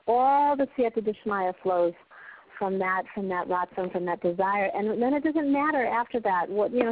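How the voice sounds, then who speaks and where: Earnest woman teaching over a phone line. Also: sits high. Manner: earnest, emphatic, storytelling with passionate rises. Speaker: Torah teacher. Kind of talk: heartfelt Torah class given over a conference call.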